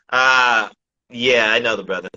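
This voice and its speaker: A man's voice: mid-range voice, pushed and bright, dull audio. A man, a breakdancer, chatting casually in an interview, rambling with lots of restarts and slang. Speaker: breakdancer guest.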